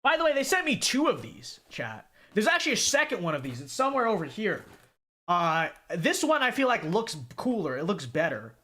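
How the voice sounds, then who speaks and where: A man's voice: high-pitched, fairly quick. A man in his twenties chatting casually and sarcastically on a livestream while reading donations aloud. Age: 20s. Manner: animated, sarcastic, rambling, keeps saying okay.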